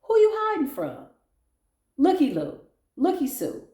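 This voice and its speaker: Animated, blunt woman tarot reader. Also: high-pitched, a little slow. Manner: blunt, profane, mocking; bursts into laughter. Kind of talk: intuitive tarot reading. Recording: roomy echo.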